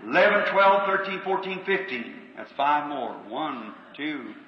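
A man's voice: a little high, expressive, measured pace, highs cut off, a little hiss or hum. A man preaching a revival sermon with a Southern American accent, folksy and earnest, calling numbers out to a crowd. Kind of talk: revival sermon and healing line. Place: large auditorium. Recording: old echoey hall tape from far off.

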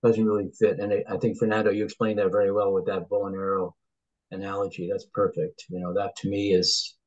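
A man's voice: low voice, flat delivery, fairly quick. A man in a conference discussion, agreeable and thinking aloud over a video call. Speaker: discussion panelist. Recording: dull lo-fi video-call audio.

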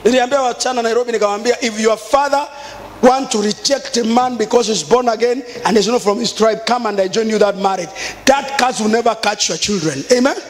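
A Kenyan man preaching as a bishop, mixing Swahili with English and rising into shouted, sing-song passages. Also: very high-pitched, a little fast, long reverb tail. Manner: switches between Swahili and English. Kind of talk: sermon.

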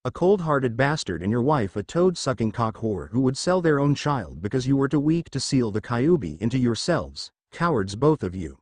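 A man's voice: medium pitch, big pitch swings, moderate pace, few pauses, dry recording. A man reading the lines of a furious, defiant young female ninja in a storybook, with a seething, insulting manner. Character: furious young kunoichi, sharp-tongued and defiant.

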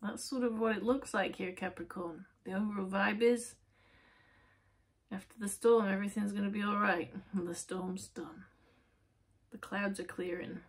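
A woman with a slightly raspy, breathy voice, reading tarot in a relaxed, casual way. She talks directly to the viewer and asks herself questions, then answers them. Her pitch sits in the middle for a woman. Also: unhurried. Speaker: tarot reader.

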